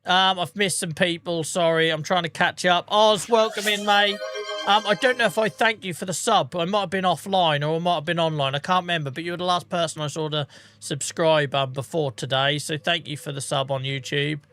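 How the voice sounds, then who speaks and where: A man chatting on a live gameplay stream, excitable and grateful as he thanks his viewers. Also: fairly high pitch, a little fast. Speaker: livestreamer. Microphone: streaming microphone.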